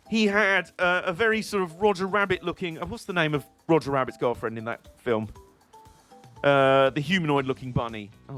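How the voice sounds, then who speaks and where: A British man giving casual gameplay commentary with a rambling, irreverent sense of humour. His voice sits a little higher than most men's. Faint game music plays underneath. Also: a bit bright. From Britain. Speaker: game streamer.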